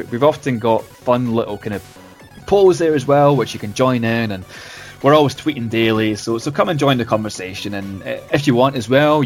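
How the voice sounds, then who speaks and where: A man hosts a casual podcast in a middle-pitched voice. He laughs often and trips over repeated words as he talks. Faint music plays behind him. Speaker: podcast host.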